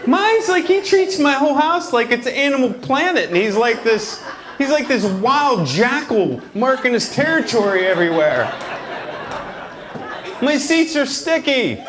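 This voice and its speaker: A man's voice: very high voice, normal speed, noisy background. A man doing a stand-up comedy set in a night club, acting out quotes with lots of energy. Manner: animated, acts out quotes. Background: laughing crowd.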